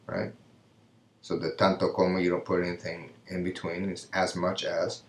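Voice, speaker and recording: A man with a very low voice gives a recorded grammar lesson, taking it step by step. He keeps checking in with "right?" as he explains. His voice carries a noticeable room echo. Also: completely flat delivery, moderate pace. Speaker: Spanish teacher. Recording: echoey room.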